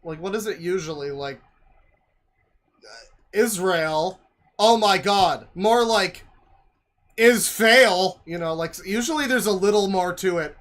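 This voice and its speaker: A man's voice: high voice, slow pace, pauses often, fairly bright tone. A male streamer reacting to a video with sardonic, profane, mocking commentary.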